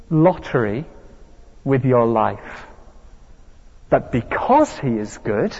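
Slow, husky preacher. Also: male voice, sits high, dark tone. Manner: emphatic, rhetorical questions. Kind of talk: sermon. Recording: dull recording, long hall reverb.

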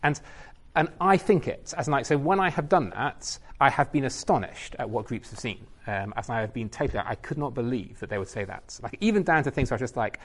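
A man's voice: mid-range voice, expressive, fairly quick, a bit bright. A man giving an informal, self-mocking training talk on leading Bible study, with many ums.

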